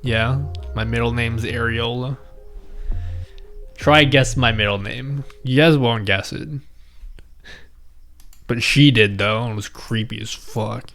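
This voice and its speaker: A man's voice: mid-range voice, takes it slowly, long pauses, fairly bright tone, soft background music. A man from the Philippines chatting casually on his stream, rambling, chuckling and answering his chat.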